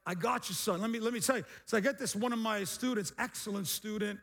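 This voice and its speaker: A middle-aged man preaching a sermon as pastor, energetic, with repeated phrases and calls to the congregation. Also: high-pitched, fast talker. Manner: energetic, repetitive call-and-response preaching.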